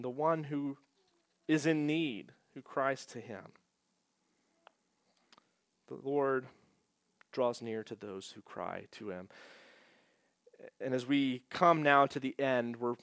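A male pastor preaching in an earnest, steady way. His voice sits at an ordinary pitch and climbs when he reads scripture aloud. The sound is dry, with little room echo. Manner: slows down to stress key points. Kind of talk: sermon.

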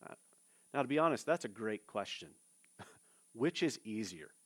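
A man's voice: lowish voice, big pitch swings, unhurried, slightly rough. A male pastor preaching a sermon, casual and direct, with fillers and asides to the congregation. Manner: conversational preaching with fillers, addresses listeners directly.

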